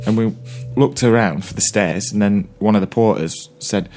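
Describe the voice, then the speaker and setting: A man's voice: on the low side, normal speed, a little mellow, faint music behind. A man from Burnley with a Lancashire English accent, co-hosting a podcast and telling rambling stories with many restarts. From Burnley, England. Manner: chatty storyteller, rambling with restarts. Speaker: podcast co-host. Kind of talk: casual chat.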